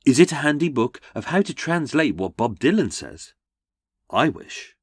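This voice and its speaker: A man's voice: mid-range voice, sing-song, moderate pace, breathy edge, no echo, clean studio sound. A man with a British accent hosts a podcast in scripted comedic narration, full of sardonic, mocking asides. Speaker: podcast host.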